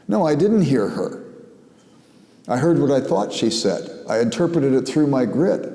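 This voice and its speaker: Older man, academic lecture, measured and reflective, mellow tone, roomy echo. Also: medium pitch, lively intonation. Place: lecture hall. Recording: echoey hall.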